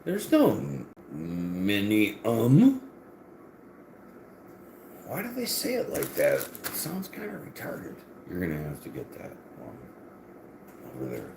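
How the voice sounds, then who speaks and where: Man, casual vlogger, crude rambling jokes, slow delivery, faint noise behind. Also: on the low side, wildly swooping pitch, vocal fry, reverberant. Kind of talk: casual chat to viewers.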